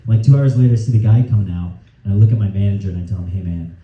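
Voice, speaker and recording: A man's voice: on the low side, racing. Rowdy young male stand-up comic. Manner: loose, rowdy storytelling, often laughing mid-line. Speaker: stand-up comedian. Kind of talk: stand-up set. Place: comedy club stage, live audience. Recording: roomy, distant, dull club recording.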